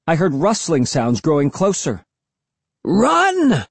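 An audiobook narrator giving a dramatic, expressive first-person reading. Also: mid-range voice, measured pace, husky, no echo.

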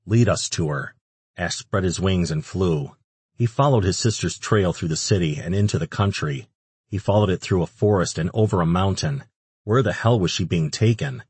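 A man reading an audiobook in steady, even scripted narration, recorded close on a studio mic. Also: low voice, normal speed, breathy edge, dry recording.

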